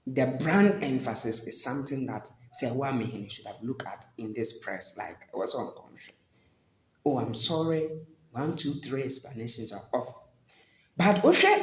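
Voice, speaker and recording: Ghanaian man in an echoey room. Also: mid-range voice. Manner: switches between Twi and English, with frequent restarts. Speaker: commentator. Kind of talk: reaction commentary.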